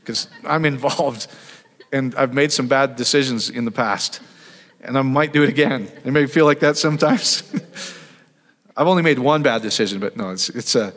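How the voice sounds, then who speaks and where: A man's voice: mid-range voice, moderate pace, fairly bright tone. A man giving a casual teaching sermon, talking conversationally and asking his audience questions. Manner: conversational, asks the audience questions, trails off and restarts. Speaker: preacher. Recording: long reverb of a hall.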